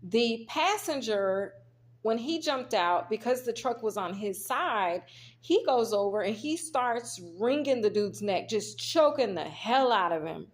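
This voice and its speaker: A woman's voice: on the high side, lively intonation, unhurried. A woman, casually telling a story while reading tarot cards, rambling and speaking straight to her viewers. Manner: rambling, talks straight to viewers, retells scenes quoting herself. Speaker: tarot reader.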